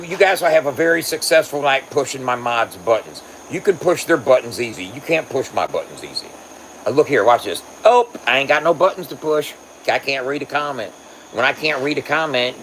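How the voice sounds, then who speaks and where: A man's voice: mid-range voice, expressive, fairly quick, a bit bright, a little hiss or hum. A man livestreaming and talking loosely to his chat, swearing freely and laughing often. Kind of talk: casual livestream banter.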